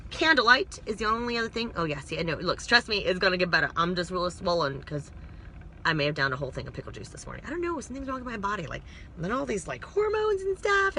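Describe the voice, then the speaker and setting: In a fairly low, sharp-toned voice, a woman rambles casually through a makeup tutorial from her parked car. She talks to her phone camera with self-deprecating asides, and a little hiss or hum is audible.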